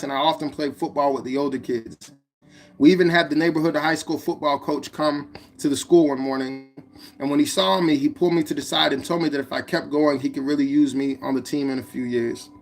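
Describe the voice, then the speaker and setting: A man narrating his own memoir as an audiobook, in a plain, steady reading. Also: on the high side. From United States.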